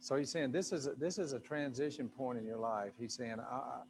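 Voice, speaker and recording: In a church sanctuary before a live congregation, a male pastor preaches a sermon in a brisk, steady, mid-range voice. His delivery is casual and conversational, with lots of fillers and side remarks.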